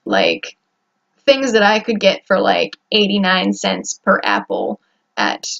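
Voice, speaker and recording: A woman's voice: medium pitch, big pitch swings, slow, vocal fry, a bit bright. A young American woman talking casually to the camera about her days, rambling with fillers and restarts. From United States. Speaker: vlogger. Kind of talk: casual vlog talk to camera. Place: indoor room at home. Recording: slightly dull lo-fi audio.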